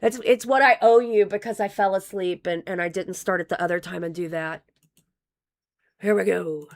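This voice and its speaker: Speaking at a moderate pace with fairly even intonation, a woman with a fairly low voice live-streams casual commentary. She rambles and swears through donation readouts, restarting frequently, as her voice wears thin.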